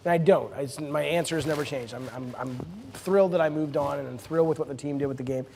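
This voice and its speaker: A man's voice: a little high, quick pace, creaky, a little mellow, slight background noise. A man speaking as a game director on a live panel, telling stories with enthusiasm and frequent restarts. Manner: enthusiastic storyteller with many restarts. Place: stage at a live event. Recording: long hall reverb from a live panel.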